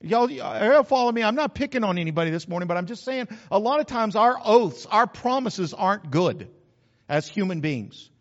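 A man's voice: high voice, expressive, normal speed, in a large hall, highs cut off. A middle-aged man, a pastor preaching a sermon in an emphatic, conversational, repetitive way. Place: church.

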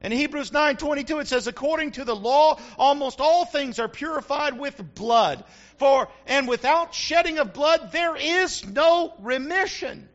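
A man's voice: very high voice, expressive, a little slow, fairly bright tone. A middle-aged male pastor giving a folksy, emphatic sermon with repeated refrains. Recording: muffled lo-fi recording.

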